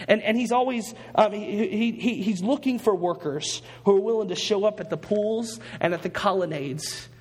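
A man's voice: sits high, a little mellow, big-room sound. A male pastor preaching a sermon in a church, earnest and repeating phrases for emphasis. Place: church sanctuary.

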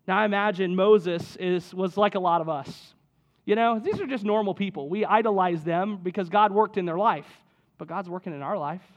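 A man's voice: high voice, normal speed, lo-fi sound. A man preaching a sermon in a conversational way, often checking in with "right?" as he reads and explains scripture. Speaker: pastor.

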